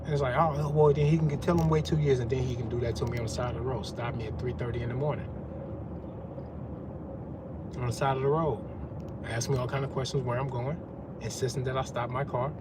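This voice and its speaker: A man's voice: mid-range voice, fairly even intonation, quick pace, heavy background noise. A man giving a profane, confrontational rant as a vlogger. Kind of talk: ranting monologue.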